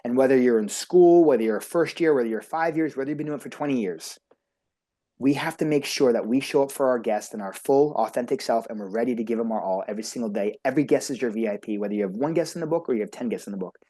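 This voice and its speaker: A talkative man speaks as a guest coach, his delivery quick and emphatic. His voice has a warm, mellow tone. He rushes from point to point with motivational energy. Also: medium pitch. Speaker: beauty industry coach, podcast guest.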